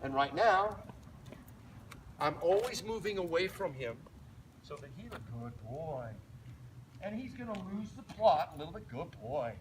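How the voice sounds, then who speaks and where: Speaking unhurriedly with long pauses, this dog trainer has a fairly high, expressive voice. He explains a leash lesson while walking outside, frequently stopping to praise the dog lightly; the mic is distant and the setting noisy.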